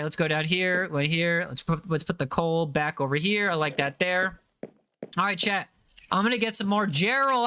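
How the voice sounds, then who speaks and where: A young man in his twenties with an American accent, chatting casually with his livestream audience, slangy and full of quick self-corrections. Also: sits high, pushed and bright, clean tone. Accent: General American. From United States. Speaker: livestreamer reading chat.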